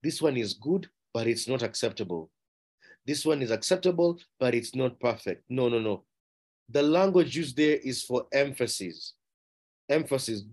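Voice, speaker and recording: A man preaching a sermon, emphatic, asking rhetorical questions and repeating key phrases. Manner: rising in pitch and loudness on key words.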